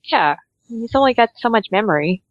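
A woman's voice: on the high side, lively intonation, moderate pace, no echo, lo-fi sound. A woman co-hosting a casual comedy podcast, giggly and trailing off mid-thought. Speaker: podcast co-host.

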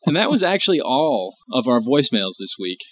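A man's voice: medium pitch, big pitch swings, a little fast, a bit bright, slight background noise. A man co-hosting a podcast, chatting casually and rambling, swearing now and then. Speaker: podcast co-host. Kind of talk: casual chat.

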